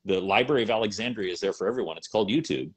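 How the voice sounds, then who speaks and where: A middle-aged man and voice actor chatting in an interview, animated and rambling with lots of fillers. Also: lowish voice, rapid-fire, breathy edge. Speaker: voice actor and salesman. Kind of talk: casual interview chat.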